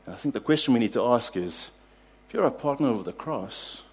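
A South African man preaching a sermon, telling a lively personal story and laughing at his own anecdotes before drawing a lesson. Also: mid-range voice, fairly quick, husky. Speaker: pastor.

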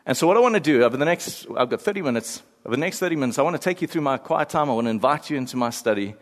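Animated preacher in a reverberant hall. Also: male voice, mid-range voice, very fast. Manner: animated storyteller, acts out quoted voices with laughs. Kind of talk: sermon.

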